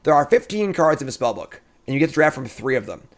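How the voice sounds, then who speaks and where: A man streaming a card game, thinking aloud through his plays and breaking into excited outbursts as he talks to chat. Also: on the high side, fast. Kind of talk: casual gameplay commentary.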